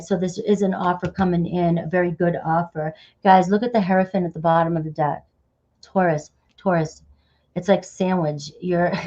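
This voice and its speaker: A woman's voice: fairly low pitch, a little mellow, dull audio. A woman giving a casual tarot reading, chatty and loose, often dropping in "all right" and "okay". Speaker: tarot reader.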